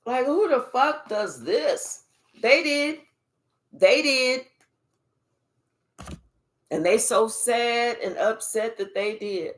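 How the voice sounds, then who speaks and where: Woman card reader with a fairly high voice, emphatic and teasing, swears freely while reading for live viewers. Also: animated, takes it slowly, long pauses, fairly bright tone.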